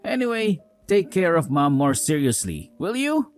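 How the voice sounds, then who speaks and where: A woman's voice: on the low side, sing-song, normal speed, faint music behind. A woman voicing a young, hot-tempered husband loyal to his mother, talking in an accusing, scolding way. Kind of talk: dramatized story dialogue.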